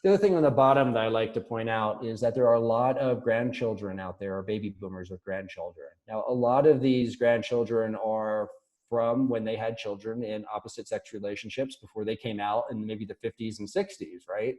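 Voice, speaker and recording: A man's voice: on the low side, a little fast, darkish tone, rough recording. A man presenting survey research in a webinar, speaking conversationally with many ums and restarts.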